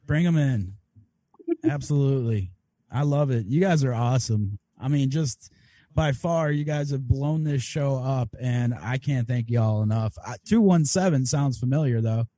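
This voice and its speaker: A man's voice: medium pitch, unhurried, warm tone, dry recording. A man hosting a podcast in casual chat, upbeat and grateful, swearing freely. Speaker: podcast host.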